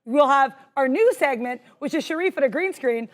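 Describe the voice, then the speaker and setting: A woman's voice: high-pitched, expressive. A young woman co-hosting a live trading stream, chatty and self-deprecating, jittery with adrenaline. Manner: fast, bubbly, self-deprecating. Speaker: co-host and day trader.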